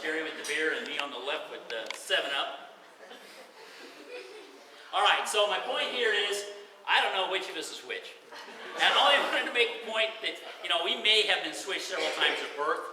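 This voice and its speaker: Joking man in his 60s, echoey hall. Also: sits high. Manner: joking storyteller, laughs through his lines. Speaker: brother of the retiree giving a speech. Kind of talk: joking slideshow speech at a retirement party. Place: party venue hall, indoors. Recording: echoey hall from far off, noisy.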